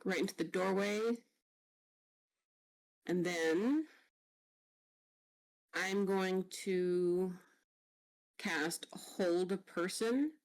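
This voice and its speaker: A woman player with a fairly low voice takes her turn slowly and deliberately. She pauses and hedges as she works out her moves. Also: gravelly. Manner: slow, careful, hesitant. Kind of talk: tabletop game play.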